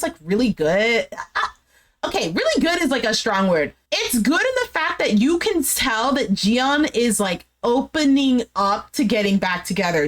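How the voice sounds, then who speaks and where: A woman giving a chatty, opinionated recap of a reality show, full of slang and fillers. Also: a little high. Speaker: recap vlogger.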